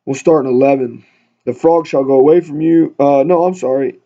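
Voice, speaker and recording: A man's voice: mid-range voice, fairly even intonation, fairly quick, creaky, mellow. A man leading a casual Bible study, reading scripture aloud and then riffing on it with humor in a chatty way. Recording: dull lo-fi recording.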